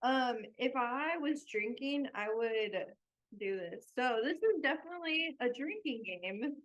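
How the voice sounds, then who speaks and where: A podcast co-host in easy conversation, her voice sitting high and bubbling over with excitement. She drawls her words out slowly and laughs often while she gushes. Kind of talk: casual chat.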